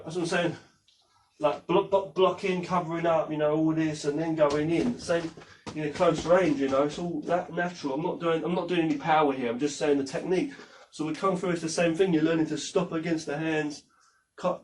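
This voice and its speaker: A man with a fairly high, slightly mellow voice casually teaches martial arts, rambling, demonstrating moves and swearing as he goes. The mic sits a distance away from him.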